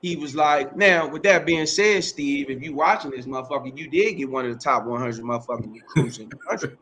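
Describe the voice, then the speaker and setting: A man's voice: medium pitch, fairly quick, a bit bright, slight background noise. A middle-aged man, a podcast host, telling his life story in a casual interview, rambling, repeating himself and using slang and profanity.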